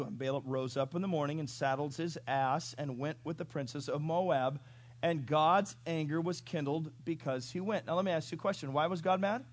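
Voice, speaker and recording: High-voiced, animated male preacher. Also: moderate pace. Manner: animated storytelling, chuckles, asks the congregation questions. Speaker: pastor. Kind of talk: sermon.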